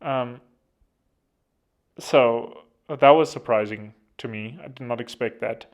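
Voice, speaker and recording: A man's voice: mid-range voice, slow pace. A man from South Africa rambling through casual commentary, sarcastic and digressive, often interrupting himself with asides. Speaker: commentary vlogger.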